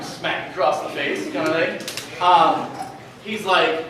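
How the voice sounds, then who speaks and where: A man's voice: fairly high pitch, unhurried, distant mic, very noisy. Man preaching in an echoey hall. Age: 30s. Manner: storytelling, conversational, animated asides. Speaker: youth speaker. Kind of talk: sermon. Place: large hall at a retreat.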